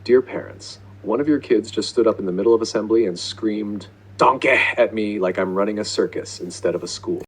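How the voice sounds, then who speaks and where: A man narrating angry complaint emails to parents in an exasperated, profane, deadpan comic manner. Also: fairly low pitch, brisk, few pauses, breathy edge, low-quality recording. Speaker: school principal character writing to parents.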